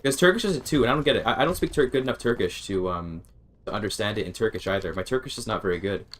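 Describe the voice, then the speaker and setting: A man's voice: lowish voice, lively intonation, very fast, fairly bright tone. A man streaming a game, rambling and thinking aloud, often interrupting himself and swearing casually. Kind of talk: casual gaming stream chat.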